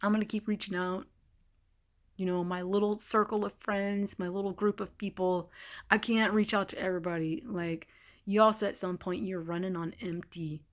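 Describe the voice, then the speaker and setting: A woman's voice: mid-range voice, steady tone, normal speed. A young woman talking candidly in a casual vlog, exasperated and laughing between heavy sighs. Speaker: vlogger. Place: temporary hotel stay during a winter storm.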